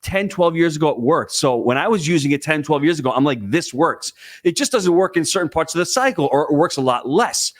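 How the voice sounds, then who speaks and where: A man speaking as a guest on a podcast, giving investing advice in an emphatic, excitable, coaching way. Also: a little high, a little fast, no echo, studio quality. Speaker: guest real estate investor. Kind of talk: podcast interview.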